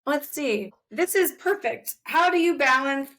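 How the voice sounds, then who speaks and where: A woman hosting a podcast in casual chat, animated and heartfelt, laughing often as she talks. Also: sits high, a little slow. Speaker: podcast host.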